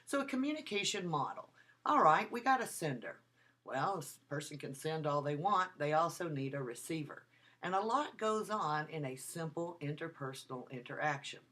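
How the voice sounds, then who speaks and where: A woman giving a recorded video lecture as a university lecturer, talking in an animated, emphatic way and repeating her key points. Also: sits low.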